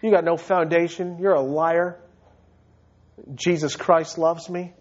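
A male pastor preaching a sermon emphatically, rising to loud high peaks and dropping low and quiet. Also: flat delivery, slow pace, long pauses, dull audio.

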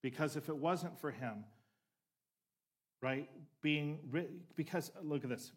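A male pastor preaching a conversational sermon, often checking in with the room and swinging between emphatic lines and quieter asides. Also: on the high side, unhurried, long pauses.

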